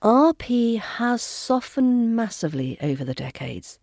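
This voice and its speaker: British woman w/ soft RP accent teaching on her podcast, mellow voice, lively ups and downs. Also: a little high, no echo, clean studio sound. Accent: Southern English RP. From Britain. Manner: clear, deliberate teacherly delivery. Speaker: accent coach and podcast host. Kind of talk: scripted podcast lesson.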